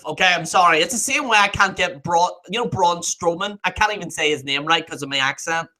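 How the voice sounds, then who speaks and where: An excitable man hosting a live stream, with a high voice and a very bright, forceful edge to it. He reads out comments, laughs a lot, swears freely, and often stumbles over names or trails off mid-thought. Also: fairly quick. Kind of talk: casual live-stream chat, reading viewer comments.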